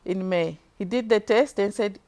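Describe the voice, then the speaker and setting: A middle-aged woman giving an earnest, emotional faith testimony in an interview, speaking slowly from the heart. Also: medium pitch, dark tone. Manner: earnest, slow and heartfelt, moved to tears at times. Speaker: church member giving a testimony.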